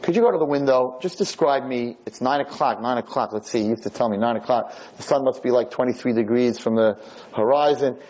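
A man voicing an elderly blind nursing home resident who speaks in a pleading, heartfelt, insistent way, with a husky voice. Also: mid-range voice, fairly quick, darkish tone, natural voice, poor audio. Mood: urgent.

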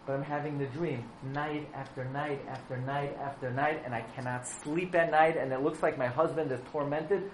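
A man's voice: medium pitch, steady tone, moderate pace, few pauses, roomy sound, background noise, natural voice. A man voicing an anxious, sleepless widow who earnestly pleads, in a story. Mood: pleading.

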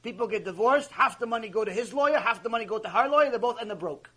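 Male rabbi, religious lecture, emphatic, animated storytelling, breathy voice. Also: sits high, fast talker. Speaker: rabbi teaching a lecture series.

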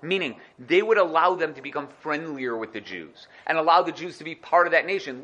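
A man giving an animated Torah lecture, acting out quotes and asking questions. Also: fairly high pitch, fairly quick, hardly any pauses. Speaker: Torah teacher.

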